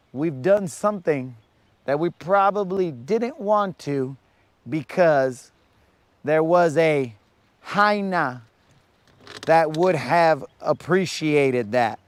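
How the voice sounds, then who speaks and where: A man hosts a live fishing stream from a lake, teasing his viewers in a playful, slangy way. He talks slowly in a fairly high voice. The sound is dry and close. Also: clear, resonant tone, no echo. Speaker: fishing livestream host. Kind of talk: casual live-stream chat.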